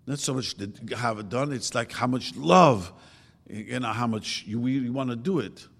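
An older man gives a relaxed, conversational religious talk. His voice carries a long hall reverb, and he voices quotes with sudden leaps up in pitch. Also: normal speed, gravelly. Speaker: religious teacher.

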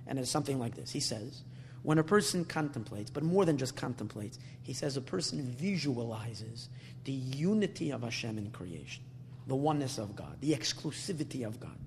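A man's voice: medium pitch, big pitch swings, fairly quick, a little mellow. A man giving a Torah class, earnest and searching for words, often repeating himself and mixing in Hebrew terms. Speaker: rabbi teaching Torah. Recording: long reverb, faint hum.

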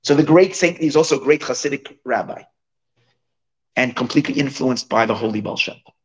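A man, a rabbi, giving a sermon through expressive storytelling. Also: medium pitch, fairly quick, low-quality recording.

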